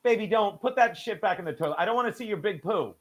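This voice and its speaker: A man's voice: high-pitched, quick pace. A middle-aged man hosting a casual comedy podcast, ranting and swearing, often laughing at himself. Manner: animated, swearing, argues with self, laughs often. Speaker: podcast host.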